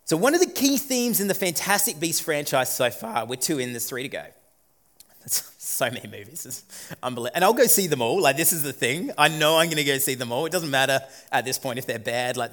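A man giving casual, digressive film commentary in an animated, talkative way. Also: medium pitch. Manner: animated, digressive, quick asides.

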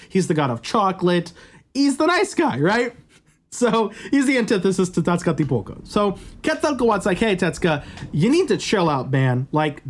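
Podcast storyteller, man, conversational and lively, asides to listeners. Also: high voice. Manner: animated, chatty, frequent "right?" asides. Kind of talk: casual storytelling.

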